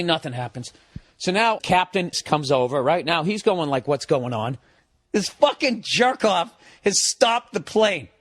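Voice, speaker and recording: A man, a comedian, telling a story in a loud, profane, animated way and laughing as he goes. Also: sits high. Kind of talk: casual comic storytelling.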